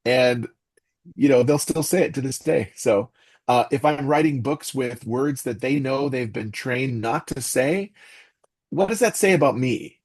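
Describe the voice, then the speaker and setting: Earnest, animated middle-aged man. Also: medium pitch, measured pace. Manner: earnest, animated, with quoted asides. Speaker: podcast guest, author and voice actor. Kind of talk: casual interview talk.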